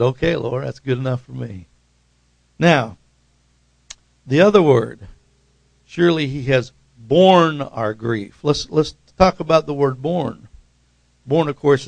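A man's voice: medium pitch, vocal fry, dry recording. A middle-aged man preaching a sermon as pastor, reading scripture and building to emphatic, repeated outbursts. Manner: preaching with rising emphatic bursts and repeated words.

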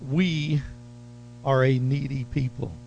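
Slow, emphatic preaching man. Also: medium pitch, steady tone, darkish tone, dull audio, a little hiss or hum. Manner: slow, emphatic preaching with drawn-out stressed phrases. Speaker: pastor. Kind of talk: sermon.

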